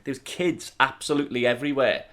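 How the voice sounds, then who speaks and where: A man's voice: medium pitch, fairly even intonation, quick pace, a bit bright. A man in his thirties with a Liverpool accent, co-hosting a podcast and telling a story with lots of laughter. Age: 30s. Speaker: podcast co-host. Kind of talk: casual storytelling chat.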